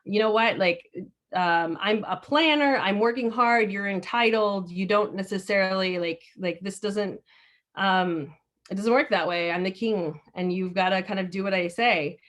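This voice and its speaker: A woman's voice: mid-range voice, moderate pace, fairly bright tone, lightly acted. A woman voicing a proud, demanding male king lion in a storytelling talk over a video call, lecturing with filler words.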